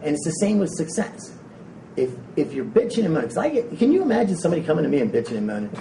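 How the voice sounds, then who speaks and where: A man giving a rambling, energetic motivational talk to a live audience, frank and casual with some swearing. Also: fairly high pitch, rapid-fire, vocal fry, recorded from a distance. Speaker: motivational speaker. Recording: echoey room, speaker away from the mic, faint noise.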